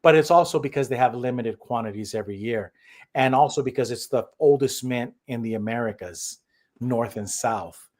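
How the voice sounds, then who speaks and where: A man's voice: mid-range voice, normal speed, darkish tone. A man co-hosting a casual online chat show, talking in a heated, emphatic way and often repeating himself. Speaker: co-host.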